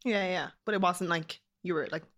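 A woman's voice: fairly low pitch, moderate pace, a bit bright. A young adult woman, a guest chatting casually with her best friend, agreeing eagerly and swearing freely. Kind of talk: casual chat.

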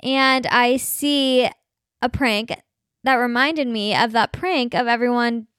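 Chatty young woman podcast host, higher voice. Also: slow pace, clear, resonant tone, no echo, studio quality. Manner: chatty, animated, laughs while telling stories, many "like" fillers. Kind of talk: casual storytelling monologue.

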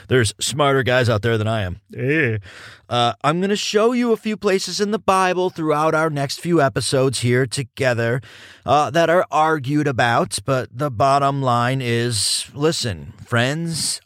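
A male podcast host teaching in a casual, animated way, stressing points with repeated words and laughing at himself. His voice sits in a middle register and sounds dry and close, with no room sound around it. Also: medium pitch, unhurried, no echo. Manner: animated, self-mocking, emphatic repetition.

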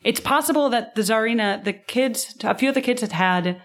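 A woman in casual podcast chat, explaining history in an animated way and laughing often. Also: on the high side, fairly quick.

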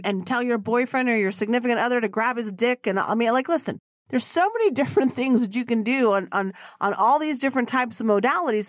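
A woman hosting her own podcast, speaking on her own in a fairly high voice. She tells stories bluntly, swears freely, and acts out the voices of the people she quotes. The sound is dry and close, with little room echo. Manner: blunt, profane storyteller acting out quotes. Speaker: podcast host. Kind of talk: solo podcast monologue.

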